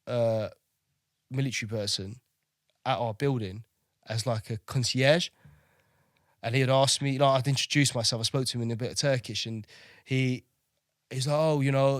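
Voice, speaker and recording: A man's voice: medium pitch, fairly even intonation, normal speed, no echo, clean studio sound. A man in his thirties, a navy veteran from Kosovo, telling war stories as a podcast guest in a chatty way, swearing freely and repeating words as he goes. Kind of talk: casual interview storytelling.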